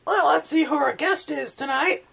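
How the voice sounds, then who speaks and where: A man with a very high, pushed, bright voice and vocal fry speaks at a moderate pace, hosting a comedy vlog. In a mock-solemn monologue, he delivers a rambling, self-important farewell speech and then interviews a guest.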